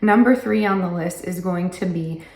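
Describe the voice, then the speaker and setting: A woman's voice: on the low side, moderate pace, darkish tone. Breathless, chatty young woman vlogger. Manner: chatty, enthusiastic, laughs often. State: out of breath, pregnant. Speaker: homesteading vlogger. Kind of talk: casual talk to camera. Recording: echoey room.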